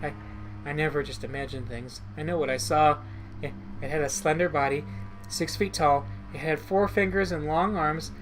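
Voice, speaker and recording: Male streamer doing a high, stammering bratty teen girl. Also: steady tone, moderate pace, over music, lightly acted, rough recording. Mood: frightened. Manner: stammering, taunting. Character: bratty scared teenage girl assistant.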